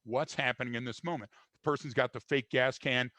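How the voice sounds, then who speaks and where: A man's voice: mid-range voice, steady tone, brisk, bright, forceful tone, dry recording. An older man from the United States, a guest in an interview, talking bluntly and emphatically with frequent restarts and fillers. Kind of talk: conversational interview.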